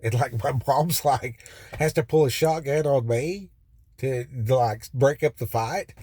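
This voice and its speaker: A vlogger sharing a personal testimony talks in a warm, mid-range voice with a breathy edge, taking his time. He sits in his car by the road, cursing as he goes and circling around his story with fillers and restarts, and the recording has no echo.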